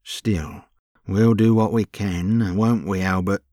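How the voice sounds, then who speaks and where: A man's voice: on the low side, slow pace, warm tone, no echo, clean studio sound. A man reading an audiobook, voicing a crafty working-class hired crook with a wheedling, conciliatory manner. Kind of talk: audiobook character voice.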